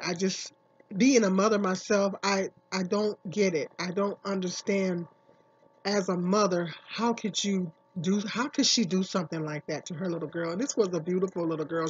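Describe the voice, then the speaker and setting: A woman's voice: medium pitch, darkish tone, husky. A woman vlogger giving casual, emphatic commentary, repeating herself and asking many questions. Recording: dull lo-fi recording.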